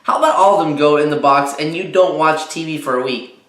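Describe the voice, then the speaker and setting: A man's voice: a little high, brisk, fairly bright tone, natural voice. A man voicing an exasperated mother who bosses and haggles over her son's toys. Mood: bossy, exasperated. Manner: bossy, haggling. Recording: roomy echo.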